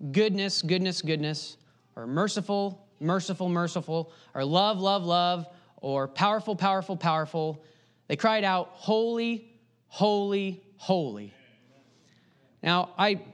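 A man's voice: a little high, fairly bright tone. A man preaching a sermon, explaining his points earnestly and pressing harder on the key ones. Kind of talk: sermon teaching.

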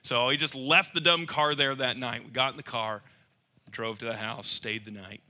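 A man preaching through a lively, self-mocking personal story. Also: mid-range voice, normal speed. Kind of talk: storytelling sermon.

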